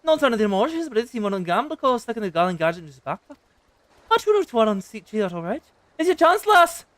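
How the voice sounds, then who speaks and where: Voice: medium pitch, sing-song, fast, a bit bright, no echo, voice pushed up. A streamer voicing a sly, cheery male rogue guildmaster with an Irish accent who calls people lass. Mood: scheming.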